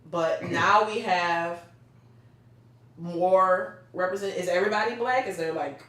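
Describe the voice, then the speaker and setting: Podcast co-host, woman, mid-pitch, emphatic and teasing, far from the mic in a very echoey room. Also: measured pace, fairly bright tone. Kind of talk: casual movie review chat.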